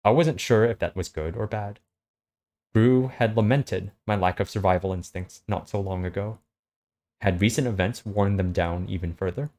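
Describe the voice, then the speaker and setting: A man reading a story aloud and summarizing it in a relaxed way, with lots of fillers. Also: fairly low pitch, moderate pace. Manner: relaxed, hesitant with many fillers. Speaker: host reading a web serial aloud.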